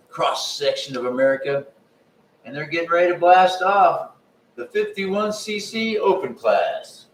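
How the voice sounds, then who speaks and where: A man announcing a race, reading rider names and places one by one in a roll-call delivery. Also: a little high. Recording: echoey, distant, faint background noise.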